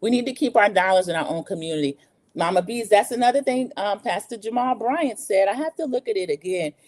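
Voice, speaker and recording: A woman's voice: medium pitch, expressive, fairly quick, darkish tone. A middle-aged American woman hosting a livestream, chatting casually and bluntly about her opinions while reading viewer comments. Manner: blunt, opinionated, candid storytelling. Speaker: livestream host.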